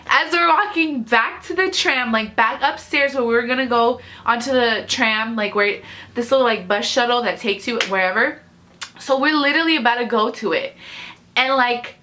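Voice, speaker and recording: A woman's voice: high-pitched, fairly quick, bright, forceful tone. A young woman telling a storytime vlog in emotional, rambling casual slang, sighing and near tears. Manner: casual slangy talk full of likes. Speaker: vlogger.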